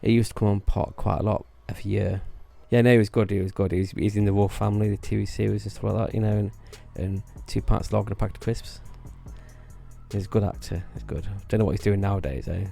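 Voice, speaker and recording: A man's voice: lowish voice, flat delivery, fast talker, gravelly, warm tone, faint music behind. A man telling rambling casual stories about his old theme park job, restarting phrases and laughing at himself. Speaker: vlogger recalling theme park work.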